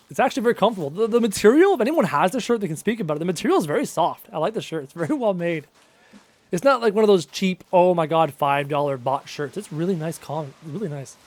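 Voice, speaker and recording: This man's voice sits high with a darkish tone as he live streams a game. Chatting casually, he reads viewer questions aloud, answers them, and hums little tunes to himself in between.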